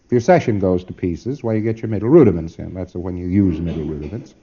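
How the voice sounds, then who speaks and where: A man's voice: deep voice, fast talker, dark tone, breathy edge, highs cut off. A man giving an informal training lecture, emphatic and wry, often checking that his listeners follow.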